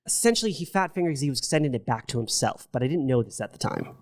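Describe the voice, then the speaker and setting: This man talks at a fast clip in a middle pitch, rushing through an animated, profane story. He jumps into other people's voices as he quotes them. He sounds like a middle-aged guest in casual podcast talk.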